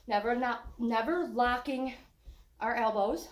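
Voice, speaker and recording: A woman's voice: on the high side, measured pace, echoey room. An older woman leading a walking workout. She is out of breath, jokes, and sighs between her encouraging cues. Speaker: fitness instructor.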